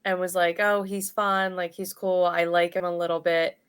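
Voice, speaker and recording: A woman's voice: on the low side, flat delivery, normal speed, smooth. A woman in her thirties hosting a podcast, chatting casually about reality television with many "like" fillers. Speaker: podcast host. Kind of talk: casual chat.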